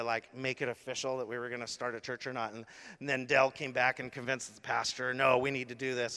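A man's voice: medium pitch, pushed and bright. A middle-aged man preaching a sermon as a pastor, telling a story animatedly with lots of casual fillers. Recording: long hall reverb.

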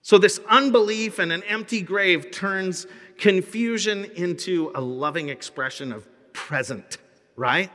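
A man pastor preaching a sermon in an animated, humorous storytelling way. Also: high-pitched, unhurried, in a large hall.

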